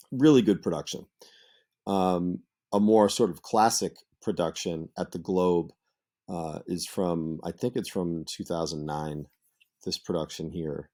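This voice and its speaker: Man, teacher, low voice, mellow tone, casual lecture, chatty asides. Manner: conversational, with fillers and asides. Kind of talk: explanatory lecture.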